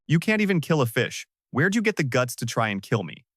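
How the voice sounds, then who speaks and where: Brief: arrogant male tycoon, scornful, mid-pitched, dry close sound, voiced by a male narrator. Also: sing-song, brisk, no echo. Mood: mocking. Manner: scornful, then panicked shouting. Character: ruthless male corporate president, arrogant.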